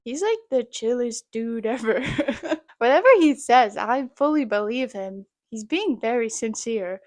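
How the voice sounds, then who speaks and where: A woman's voice: a little high, slow, a little mellow, dry recording. A woman giving joking, sarcastic commentary on an old game. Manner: sarcastic, jokey. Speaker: gaming video host.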